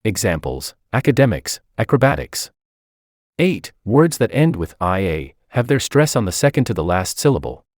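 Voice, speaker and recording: A man's voice: on the low side, normal speed, dry recording, studio quality. A man reading a scripted English exam tutorial, listing stress rules and examples one after another. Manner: reads rules and examples in a lively, up-and-down cadence.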